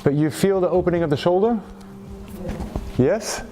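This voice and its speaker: A man guiding a group through slow shoulder stretches and breathing, calm and instructive, often checking in with questions. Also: sits high, soft background music. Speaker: movement coach.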